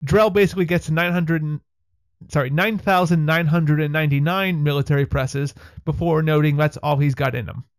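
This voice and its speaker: A man's voice: on the high side, fairly even intonation, moderate pace, no echo. A man hosting a podcast, recapping a TV episode with a wry, chatty delivery. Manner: wry, chatty narration with laughs. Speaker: podcast host.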